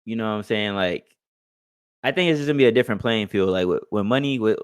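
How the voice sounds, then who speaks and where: A man's voice: lowish voice, fast, clear, resonant tone, dry recording. A young man co-hosting a podcast in casual chat, loose and profane, often acting out what other people say in different voices. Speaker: podcast co-host.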